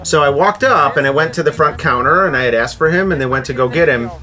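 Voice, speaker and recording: A man's voice: fairly high pitch, fast, pushed and bright. A man from Buffalo, New York, a guest in a casual podcast chat, telling stories earnestly and with enthusiasm.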